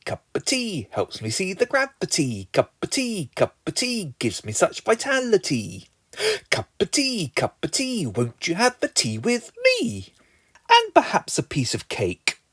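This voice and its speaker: A man's voice: sits high, no echo, clean studio sound. A man with an English accent performing comic poetry in a theatrical, mock-grand recitation style. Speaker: comedic poet, show host.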